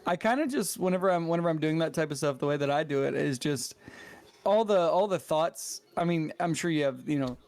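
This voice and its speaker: A man's voice: fairly high pitch, lively intonation, brisk, darkish tone, dry recording. A male game streamer, a guest on a podcast, talking in an earnest, loose stream of thought in casual chat.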